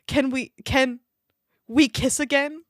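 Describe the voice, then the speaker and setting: A woman's voice: high-pitched, fairly even intonation, slow, no echo. Giggly woman streamer reading aloud, dry. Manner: giggly, breaks off reading to react to chat. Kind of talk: live-stream reading of fan fiction aloud. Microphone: desk microphone.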